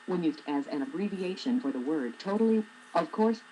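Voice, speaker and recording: A woman's voice: low-pitched, animated, moderate pace, dark tone, slight background noise, poor audio. A woman in her forties, a blogger reading her own humorous essay aloud with a wry, sarcastic manner. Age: 40s.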